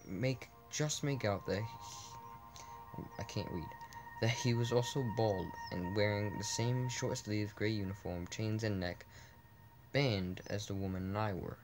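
Young-sounding gamer guy reading a text game aloud, slightly low voice, trips over words, faint music behind. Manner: stumbling reading with restarts and asides.

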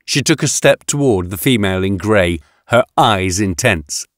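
Expressive male audiobook narrator. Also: fairly low pitch, normal speed, dry recording, clean studio sound.

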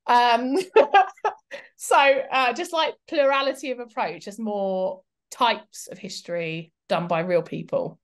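A woman's voice: medium pitch, slow. Woman, interview guest, chatty and candid, self-deprecating, lots of "like" and "you know". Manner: candid, animated and self-mocking, with lots of fillers. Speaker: guest historian and documentary presenter. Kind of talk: casual interview chat.

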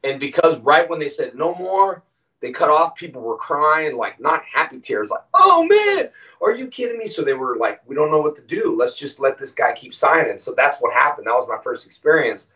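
A man as an interview guest, telling stories casually and acting out quoted lines with animated voices. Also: medium pitch, moderate pace. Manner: animated, acts out quoted dialogue. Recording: distant, muffled audio.

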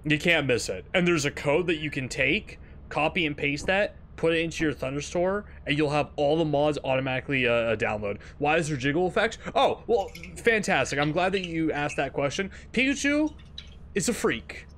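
A man streaming a game with friends, talking casually and excitably, swearing and laughing often. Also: a little high, a little fast, a little hiss or hum. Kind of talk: casual gaming stream commentary.

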